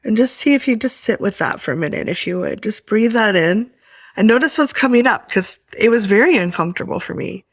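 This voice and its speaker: Soft-spoken woman sharing, dry sound. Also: mid-range voice, lively intonation, fairly quick, no echo. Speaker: workshop participant. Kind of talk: sharing and guiding tapping.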